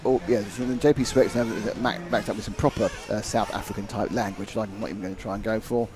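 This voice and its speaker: A man's voice: fairly low pitch, fairly even intonation, quick pace. Chatty man commentating a race. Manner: chatty, jokey, reads viewer comments. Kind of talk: live race commentary chat.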